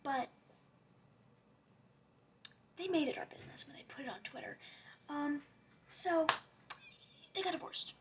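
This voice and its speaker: A woman's voice: sits high, a little slow, long pauses. A woman giving a casual, rambling rant as a commentary vlogger, sarcastic and often dropping to a whisper.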